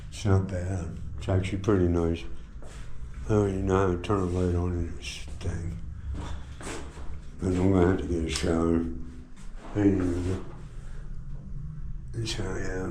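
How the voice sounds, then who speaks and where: A sore, shaken American man vlogs from a hotel room in a low, unhurried voice. He rambles, stumbles over and repeats his words, and swears constantly. A faint hum of ambience sits behind him. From United States. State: sore and shaken after a beating. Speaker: motorcycle travel vlogger. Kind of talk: casual vlog monologue.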